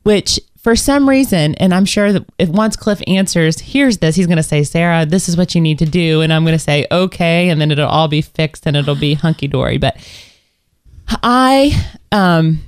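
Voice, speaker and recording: A woman's voice: deep voice, expressive, normal speed, clean tone, dry recording, studio quality. A woman in her thirties co-hosting a podcast, chatty and rambling, often restarting her sentences and poking fun at herself. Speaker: podcast co-host. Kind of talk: casual chat.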